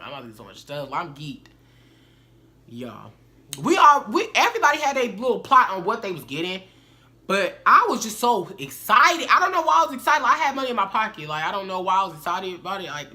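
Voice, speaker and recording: A young woman telling a story to her viewers in a casual, animated, slangy way. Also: medium pitch. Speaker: vlogger.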